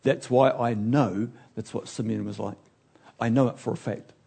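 A man preaching a sermon in an animated way, acting out the figures he talks about and now and then losing his place. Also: medium pitch, moderate pace, creaky, breathy edge. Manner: animated, acts out biblical figures, loses his place and laughs.

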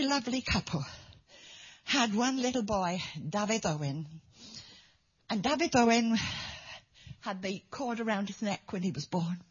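A woman's voice: mid-range voice, breathy edge. A woman preaching and telling a story to a congregation, with a dramatic delivery that drops to whispers for emphasis. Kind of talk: sermon storytelling. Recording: dull lo-fi recording.

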